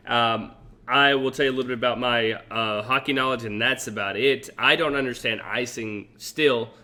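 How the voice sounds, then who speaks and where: A man with a bright, forceful voice in a loose podcast conversation. He asks question after question, sounds puzzled, and swears offhandedly. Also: medium pitch, fairly even intonation, moderate pace. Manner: confused questioning, casual swearing. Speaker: podcast co-host. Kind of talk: casual podcast chat.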